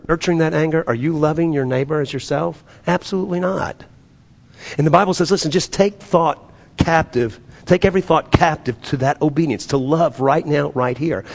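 Guy preaching in church, kinda high voice, chatty, repeats himself, goes soft on the big points. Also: in a large hall. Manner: conversational preaching, repeats and restarts phrases, drops to quiet emphasis. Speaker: pastor. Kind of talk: sermon.

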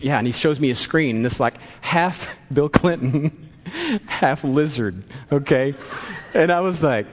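A man's voice: medium pitch, big pitch swings, moderate pace, breathy edge. A man preaching a sermon in a church, telling a story and acting out the voices in it. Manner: storytelling, acts out voices in quotes. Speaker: pastor. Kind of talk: sermon with an anecdote. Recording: long hall reverb.

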